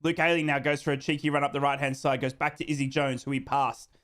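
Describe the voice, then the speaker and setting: A man hosting a live football watchalong, calling the match as a fan, reading out viewers' names and bursting into shouted celebrations. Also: medium pitch, flat delivery, fast talker. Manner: reads out viewers' names and answers them.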